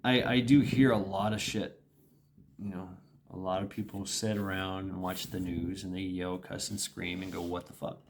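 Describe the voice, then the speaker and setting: There's slight background noise as a middle-aged man in a vlog talks in a low, level voice at a moderate pace. His casual monologue rambles and repeats, with small laughs and mimicked quotations mixed in.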